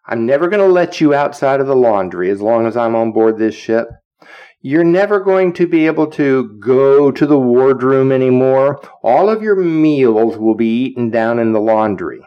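A man voicing a stern, threatening Navy admiral who drags his warnings out slowly. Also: mid-range voice, darkish tone, full character voice. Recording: dull lo-fi recording.

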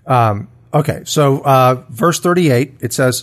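A man's voice: mid-range voice, slow, hardly any pauses. A man co-hosting a casual Bible discussion, reading scripture aloud expressively and commenting on it.

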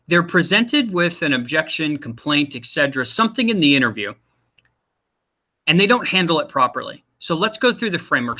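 A man's voice: medium pitch, bright, forceful tone. A man working as a career coach, giving direct, emphatic interview advice and repeating his key points. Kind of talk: instructional talk to viewers.

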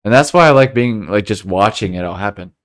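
A young man from the United States co-hosting a podcast, talking in a relaxed, rambling way with frequent fillers and laughs. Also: lowish voice, fairly quick. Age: young adult. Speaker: podcast co-host. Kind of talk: casual chat.

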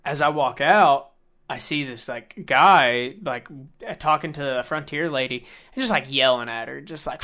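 A young man co-hosting a casual podcast chat, telling stories with lots of swearing and loud acted-out quotes. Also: medium pitch, normal speed. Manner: animated storyteller, swears a lot, acts out quotes loudly. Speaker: podcast co-host.

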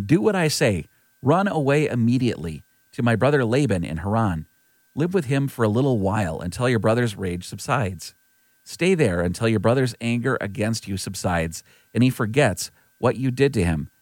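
A man's voice: mid-range voice, animated, moderate pace, darkish tone, dry recording, close to an everyday voice. A man voicing a worried mother urging her son to flee, in an earnest scripture reading. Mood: urgent. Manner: earnest, lightly voiced reading.

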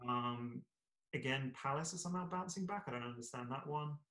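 A man co-hosting a casual football podcast, eager and chiming in with quick agreement. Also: medium pitch, bright, forceful tone, rough recording. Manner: enthusiastic, quick agreeing interjections. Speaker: podcast co-host.

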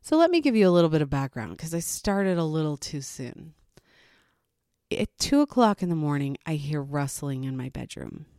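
Tired low-voiced woman telling a story. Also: big pitch swings, moderate pace, dark tone, dry recording, studio quality. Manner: rambling, self-mocking, laughs between lines. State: tired from a sleepless night. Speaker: podcast host. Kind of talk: casual storytelling monologue.

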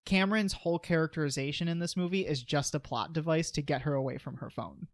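A man's voice: on the high side, quick pace, no echo. A man co-hosting a podcast, chatting casually through a movie recap with eager asides. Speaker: podcast co-host.

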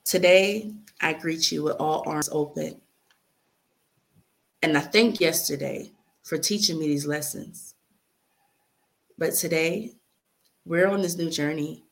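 This young adult woman reads her heartfelt letter slowly, her low voice carrying vocal fry and broken by long pauses. Earnest and emotional, she comes near tears at times during the spoken-word reading.

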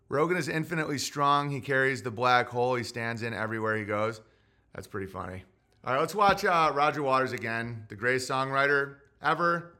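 A man's voice: mid-range voice, animated, a little fast, pushed and bright. A man hosting a podcast, riffing through rambling, profane comedic commentary. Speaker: podcast host.

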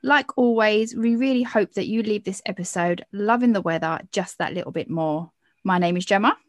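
A woman's voice: mid-range voice, normal speed, no room sound. A woman with a London accent co-hosting a podcast, chatting casually with friends. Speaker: podcast co-host. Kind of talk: casual chat.

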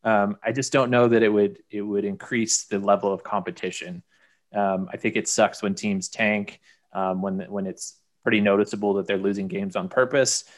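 A man's voice: lowish voice, fairly even intonation, normal speed. A young man on a sports podcast, speaking hesitantly with many ums. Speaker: podcast co-host. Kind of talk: casual sports chat.

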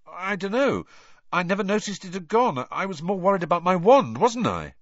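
Man doing a higher lively teen boy, impatient direct manner, dry dull sound. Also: moderate pace, dry recording. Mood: puzzled. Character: earnest teenage schoolboy hero.

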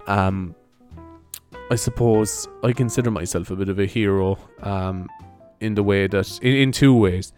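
A man's voice: lowish voice, measured pace, pauses often, darkish tone. A young man, a comedian, hosting his own podcast in a rambling, laid-back style, swearing freely and laughing at his own jokes. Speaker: podcast host. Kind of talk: casual solo podcast chat. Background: faint music and church bells.

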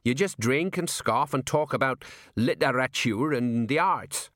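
A man's voice: medium pitch, unhurried, fairly bright tone, no echo, studio quality, voice pushed up, close to an everyday voice. A man voicing an older watch sergeant, set in his ways, with a folksy, rambling, common way of talking. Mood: musing.

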